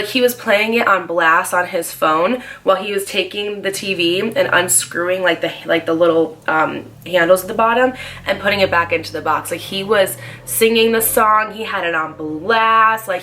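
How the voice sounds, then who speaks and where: A woman's voice: mid-range voice, pushed and bright, slight background noise. A young woman in her twenties telling a storytime vlog, chatty and full of "like" fillers. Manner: chatty, fast, heavy use of "like". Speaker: vlogger. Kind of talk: casual storytime.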